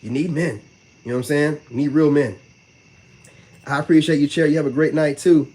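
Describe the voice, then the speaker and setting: Fast-talking man rambling to his viewers. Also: a little high, fairly even intonation, darkish tone. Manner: rambling, repeats "you know what I'm saying"; fast, loose slang-heavy speech. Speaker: vlogger talking to live chat. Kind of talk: casual live-stream talk.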